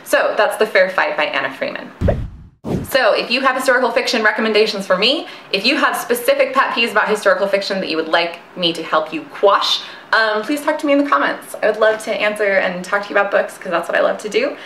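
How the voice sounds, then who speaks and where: A woman's voice: mid-range voice, quick pace, bright, forceful tone, a little hiss or hum. A young woman casually recommending books, enthusiastic and chatty with fillers and asides. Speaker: author and book recommender. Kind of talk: casual book recommendation video. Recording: echoey room.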